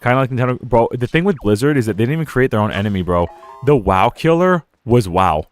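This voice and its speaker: A man's voice: mid-range voice, expressive, fast, faint music behind. A young man streaming a game, rambling casually, laughing often and slipping into silly quoted voices. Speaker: gaming streamer. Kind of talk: casual live-stream commentary.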